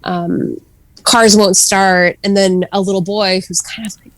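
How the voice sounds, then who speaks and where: A woman's voice: mid-range voice, little pitch movement, a little slow, dry recording. A woman guest in a casual podcast chat, talking freely with fillers and frequent laughs. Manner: chatty, laughs often, many fillers.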